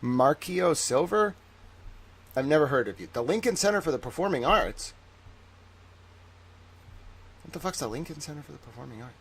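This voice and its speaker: Guy on a livestream going off, kinda high voice bouncing all over, swearing and fake-mad. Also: brisk, a little hiss or hum. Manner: excitable, profane, mock-outraged ranting. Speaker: live streamer. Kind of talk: live-stream commentary while reading online.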